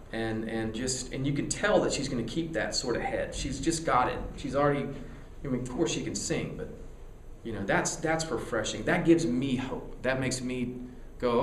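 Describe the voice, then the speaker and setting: A man speaking in an interview, candid and excitable, stumbling over his words and restarting sentences as he swears freely. His voice sits in the middle range and is heard in a roomy space with a faint hum of ambient noise behind it. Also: mid-range voice, normal speed. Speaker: musician interviewee.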